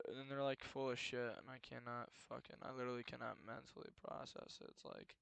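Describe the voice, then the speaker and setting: A young man ranting in a rambling, profane solo monologue, moving between low muttering and heated outbursts. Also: little pitch movement, normal speed, creaky, long pauses, clean tone, no echo. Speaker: solo podcast host. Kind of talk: rambling late-night monologue.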